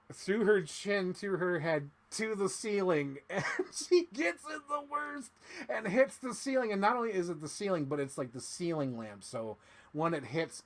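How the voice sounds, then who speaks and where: A man with a slightly high voice talks through a slasher movie's plot in a loose, chatty way. He jumps into quick impressions of the characters and laughs at the corny parts. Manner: animated retelling with acted-out quotes and laughs. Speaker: host. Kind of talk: casual movie recap.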